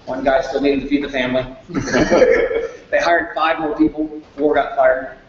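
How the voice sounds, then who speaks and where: A man giving an animated sales talk at a workshop, acting out phone calls in raised voices. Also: on the high side, unhurried. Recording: echoey room, dull lo-fi sound.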